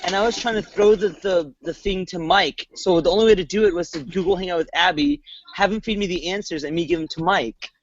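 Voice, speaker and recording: A man's voice: high-pitched, animated, brisk, dry recording. A man chatting casually with friends over a video call, laughing often. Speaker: former contestant. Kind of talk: casual group chat. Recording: dull lo-fi call audio.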